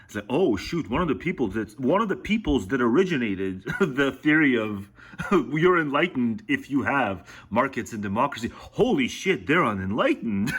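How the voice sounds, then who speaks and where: A man's voice: medium pitch, sing-song, normal speed, fairly bright tone, slightly rough. A man giving casual reaction commentary on a radio clip, sarcastic and laughing often.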